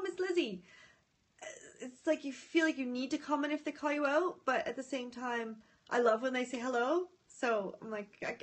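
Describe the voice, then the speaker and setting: On a phone or tablet, a high-voiced woman hosts a livestream, reading viewer comments and greeting people by name in casual live chat. She's chatty, scattered and excitable, often breaking off mid-sentence.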